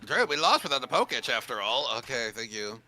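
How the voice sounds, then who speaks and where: A man's voice: medium pitch, very animated, a little fast, bright, forceful tone. A man streaming a game, chatting casually, playful and jokey, swearing freely. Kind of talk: casual chat while gaming.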